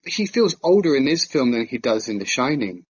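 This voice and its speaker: A man talks films on a podcast in an easy, rambling way, with frequent ums and restarts. His voice sits in a middle pitch. The recording is dry and a bit muffled. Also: big pitch swings, a little fast, breathy edge, no room sound. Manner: chatty, thinks aloud with fillers and restarts. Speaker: podcast co-host. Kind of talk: casual film podcast chat.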